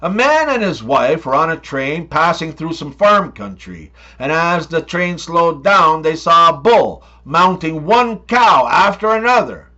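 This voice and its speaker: A man telling a run of scripted jokes, with deadpan setups and playful punchlines. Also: on the high side, measured pace, few pauses, muffled recording. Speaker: comedy joke teller. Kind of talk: scripted joke monologue.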